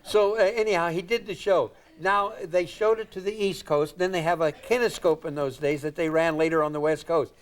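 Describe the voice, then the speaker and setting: Brief: older male comedian, rambling anecdotal storyteller, lightly high voice. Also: fairly even intonation, brisk, hardly any pauses. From Indiana, United States. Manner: rambling and chuckling, acts out quotes. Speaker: guest comedian. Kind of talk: anecdotal talk-show storytelling.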